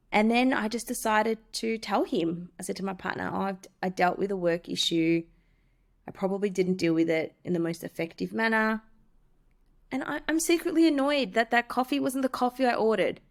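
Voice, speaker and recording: A woman, a podcast host and coach, candidly telling a personal story and teaching self-help steps, acting out the voices she quotes. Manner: candid, acts out quoted voices with lively pitch jumps.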